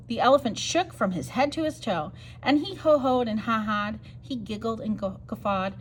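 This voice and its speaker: A woman reading a rhyming picture book aloud for storytime, sing-song and expressive. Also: on the high side, moderate pace, hardly any pauses, a little hiss or hum. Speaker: storytime reader.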